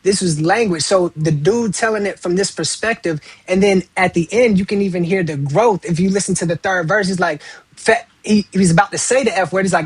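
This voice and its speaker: A man in his thirties in casual chat, talking in animated slang and acting out quoted lines. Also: high-pitched, a little fast, slightly rough, no room sound. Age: 30s. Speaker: podcast guest.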